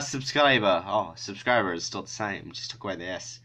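Bright, animated male YouTuber. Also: deep voice, moderate pace, few pauses. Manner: self-mocking, swears a lot. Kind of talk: casual vlog chat.

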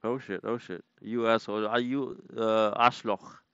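A man's voice: on the low side, little pitch movement, a little slow, fairly bright tone, smooth, dry recording, highs cut off. A man streaming a game, casually chatting and playfully repeating foreign words to practice them. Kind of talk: casual gaming live-stream chat.

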